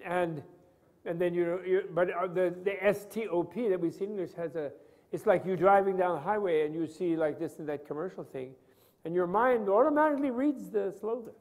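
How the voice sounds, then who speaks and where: A man's voice: high-pitched, brisk, a little mellow. An older man lecturing on Buddhist philosophy, rambling and conversational, often checking in with his listeners. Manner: rambling, conversational, asks students questions. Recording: long reverb of a hall.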